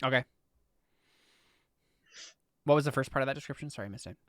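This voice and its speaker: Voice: mid-range voice, fast, dry recording. Game master for a tabletop game, casual and hesitant, mid-range voice, dry close sound. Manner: casual, hesitant, lots of fillers.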